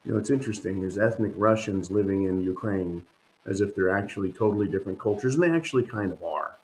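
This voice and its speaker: A man hosting a commentary channel, talking in an animated, sarcastic monologue to his viewers. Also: lowish voice, quick pace, slight background noise, low-quality recording. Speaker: host. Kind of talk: opinionated monologue.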